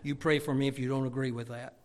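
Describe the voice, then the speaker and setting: A man's voice: medium pitch, level tone, fast. A man preaching a sermon, telling folksy stories and asking for amens. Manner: folksy storytelling, calls of amen.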